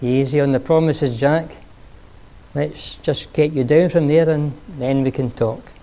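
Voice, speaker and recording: A man voicing a calm, dry God. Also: on the high side, a little slow. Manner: calm, gently dry, instructive. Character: calm, wry male voice of God.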